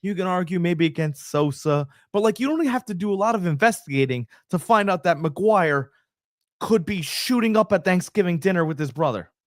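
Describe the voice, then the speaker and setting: A man chatting on a sports podcast, rambling from point to point and slipping into quick put-on voices. His voice sits a little high and swings widely in pitch. The sound is dry and close, with no room around it. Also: no echo. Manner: animated, rambling, acts out quoted voices. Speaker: co-host. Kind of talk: casual sports podcast chat.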